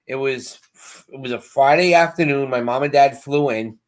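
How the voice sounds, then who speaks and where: A middle-aged man casually telling a long story, animated and acting out the voices of the people in it. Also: mid-range voice, normal speed. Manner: animated, acts out quoted voices. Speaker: co-host.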